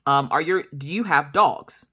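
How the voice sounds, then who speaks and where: A woman's voice: low-pitched, a little slow, sharp tone, breathy edge, highs cut off, heavily acted. A woman voicing a stern female police officer who questions in a curt, official way.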